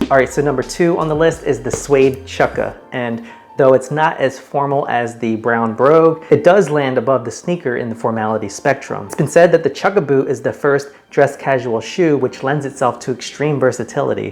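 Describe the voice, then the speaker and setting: A man presents a casual style vlog in an upbeat, chatty way, at a mid pitch for a man. His talk is informal and easygoing, and soft background music plays under him. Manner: upbeat, chatty and informal, shows shoes while explaining. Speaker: men's style vlogger.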